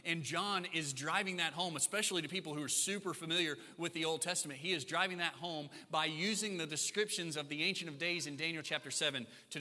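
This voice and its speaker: A man's voice: a little high, pushed and bright, long reverb tail. A man preaching a sermon as pastor, emphatic and repeating key lines for stress.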